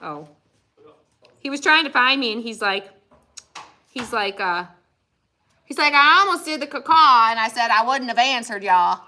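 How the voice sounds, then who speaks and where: Woman co-host, chatty storyteller, a bit high, very lively pitch, acts out every quote. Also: normal speed, pauses often. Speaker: livestream co-host. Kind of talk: casual chat while crafting.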